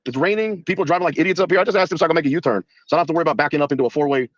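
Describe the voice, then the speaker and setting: A man's voice: a little high, rapid-fire, no room sound, highs cut off. Taunting man filming a confrontation. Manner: taunting, mocking. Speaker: person filming a confrontation at a gate. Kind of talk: confrontational phone-video recording.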